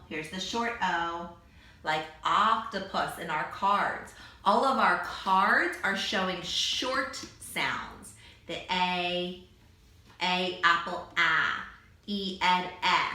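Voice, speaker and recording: A woman's voice: mid-range voice, pushed and bright. Woman teacher sounding out vowels, echoey room. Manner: slow, drawn-out sounding of letters. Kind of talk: phonics lesson for young children. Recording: echoey room, distant mic.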